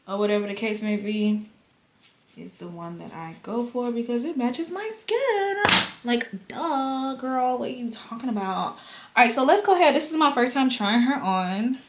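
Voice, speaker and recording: A young woman chatting casually to her viewers at home, slangy and talkative, calling them y'all. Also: medium pitch. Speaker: vlogger doing a wig install. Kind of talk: casual chat to camera.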